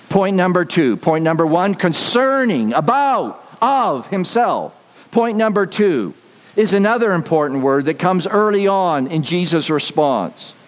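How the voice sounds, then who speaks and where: A man's voice: high voice, long reverb tail. A man preaching a sermon from the pulpit, emphatic and repeating key phrases for stress. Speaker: pastor.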